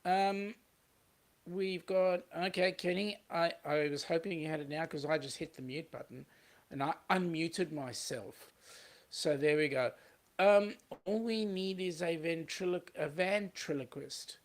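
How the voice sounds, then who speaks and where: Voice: medium pitch, a little slow. Chatty Australian livestream host. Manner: chatty, greets viewers by name and reads the chat aloud. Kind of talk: casual live chat.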